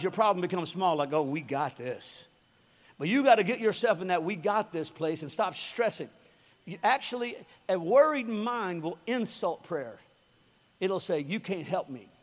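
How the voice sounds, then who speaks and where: A man preaching a sermon as a pastor, talking conversationally and repeating key phrases for emphasis. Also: high voice. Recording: long hall reverb.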